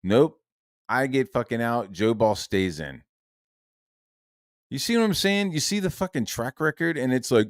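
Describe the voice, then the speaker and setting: A man's voice: medium pitch, very animated, unhurried, dry recording, clean studio sound. A man ranting in a heated, profane and sarcastic monologue. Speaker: online commentator.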